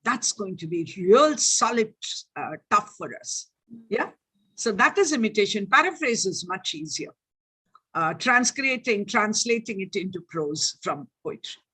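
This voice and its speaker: Forceful older woman with an indian accent. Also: mid-range voice, unhurried, husky. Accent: Indian English. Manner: animated, teacherly, checks listeners with "right?". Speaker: lecturer. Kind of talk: online lecture Q&A. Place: online video meeting. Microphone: video call.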